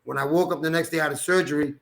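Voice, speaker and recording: Guy telling his story on a talk show, kinda high voice, gravelly, acts out the lines he quotes. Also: rapid-fire. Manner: animated storyteller, acts out quoted dialogue, laughs often. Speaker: guest, former boxer. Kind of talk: casual storytelling interview.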